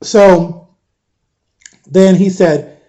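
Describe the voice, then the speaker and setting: A man's voice: high voice, steady tone, very slow, dark tone, lo-fi sound. A man in his thirties telling a personal story in a casual storytime vlog, animatedly retelling a conversation and quoting both sides of it.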